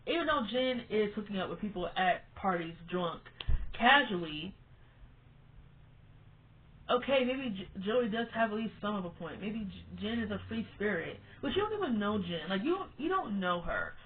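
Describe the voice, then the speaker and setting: A woman's voice: medium pitch, sing-song, normal speed. A woman reviewing a TV show in a casual vlog, blunt and emphatic, who swears freely and repeats words for stress. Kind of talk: casual opinionated vlog rant. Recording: tinny phone-like sound.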